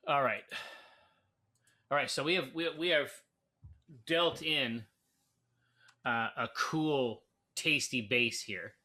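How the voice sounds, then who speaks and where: A man's voice: mid-range voice, takes it slowly, long pauses, pushed and bright. A man co-hosting a live brewing stream, chatting casually with many fillers and restarts. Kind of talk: casual chat while reading viewer comments.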